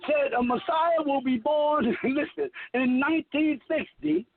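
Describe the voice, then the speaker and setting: High voiced guy in his 50s preaching and cussing over a thin dry phone line, rambling on. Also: steady tone, measured pace, no room sound. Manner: preachy, emphatic, heavy swearing. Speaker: self-proclaimed messiah giving a monologue. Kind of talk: rambling profane monologue.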